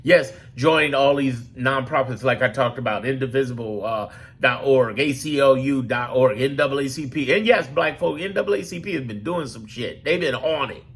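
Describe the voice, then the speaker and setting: A man's voice: mid-range voice, normal speed, few pauses, fairly bright tone. A man giving emphatic, profane political talk straight to his audience, as a commentator and host. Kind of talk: direct-to-camera political talk.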